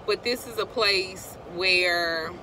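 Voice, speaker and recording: Chatty middle-aged woman with a bright voice. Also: mid-range voice, slow pace, slight background noise. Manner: chatty, rambling, greets live viewers mid-story. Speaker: vlogger. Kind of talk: casual storytelling to viewers.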